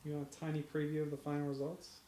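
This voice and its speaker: A woman with a very low voice trades dry, wry remarks as a podcast co-host in casual watch-along commentary. The recording is roomy and echoey, with a faint hiss underneath. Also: completely flat delivery, fast, dark tone.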